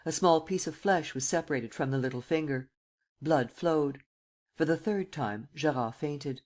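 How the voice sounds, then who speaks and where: A woman narrating a classic detective novel as an audiobook in a steady, measured way. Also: low voice. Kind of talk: scripted narration.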